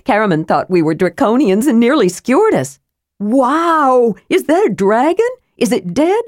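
A woman voicing a small, excitable male adventurer whose words tumble out in a bubbly rush. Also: on the high side, moderate pace, no echo, clean studio sound, pitched above the performer's own voice. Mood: excited.

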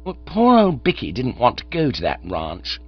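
A chummy young English gentleman who smooths things over in breezy slang, as a male storyteller puts him on. His pitch is lively and well above the narration, and the recording is dull, with a steady hum underneath. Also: moderate pace.

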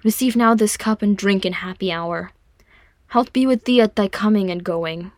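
A woman's voice: mid-range voice, moderate pace, no room sound, clean studio sound, close to an everyday voice. A woman voicing a proud young noblewoman speaking in formal, ceremonial phrases. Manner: ceremonial, archaic.

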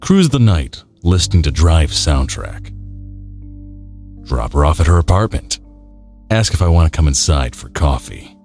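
A man reading an internet story aloud in a slow, brooding way. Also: very deep voice, darkish tone, faint music behind.

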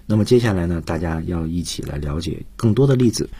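Low, husky male radio teacher. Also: animated, fast talker, dark tone, no echo. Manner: explanatory, switches between Chinese and English. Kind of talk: bilingual radio lesson.

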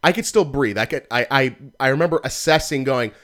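A man in casual chat, slowly retelling a memory step by step and quoting his own thoughts. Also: mid-range voice, fairly bright tone.

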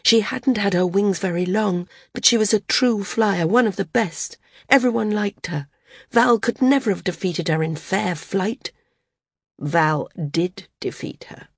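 A woman narrating an audiobook in a steady, measured reading. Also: medium pitch, slightly rough, no room sound, studio quality.

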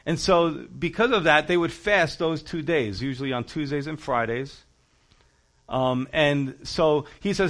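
A man's voice: on the high side, unhurried, fairly bright tone. A male pastor teaching a sermon, explaining the text verse by verse with emphatic rhetorical questions. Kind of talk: expository sermon.

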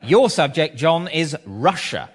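A man hosting a comedy panel show in a dry, measured way, with occasional stumbling restarts. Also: fairly high pitch, sing-song, slightly rough. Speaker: quiz show host. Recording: studio with live audience.

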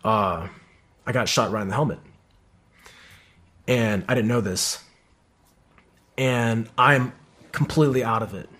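A man sits in as a guest and tells his own combat story in casual talk. He swears often and keeps the telling vivid and animated. His voice sits at an ordinary middle pitch. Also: measured pace, pauses often, husky. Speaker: podcast guest, combat veteran.

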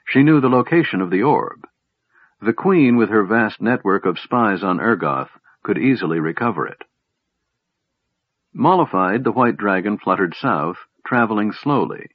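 A man reading a fantasy novel aloud as a narrator, in a measured storytelling manner. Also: on the low side, lively intonation, no echo. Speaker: audiobook narrator. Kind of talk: scripted narration with character voices. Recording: dull, lo-fi, dry sound.

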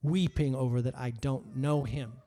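A man delivers a sermon in an ordinary mid-pitched voice. He slips into the voices of the people in the story, and his volume climbs from soft asides to loud emphasis. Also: fairly even intonation, normal speed. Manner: acts out voices of biblical figures, swings from hushed to loud. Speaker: pastor.

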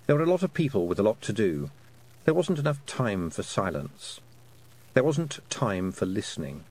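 A man narrating an audiobook in an expressive storytelling manner. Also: fairly low pitch, moderate pace. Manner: expressive storytelling, voicing the characters. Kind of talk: scripted narration.

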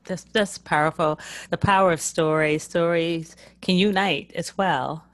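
A woman hosting an interview over a video call, measured, with small restarts. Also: lowish voice, fairly even intonation. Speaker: interview host. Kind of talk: interview questions.

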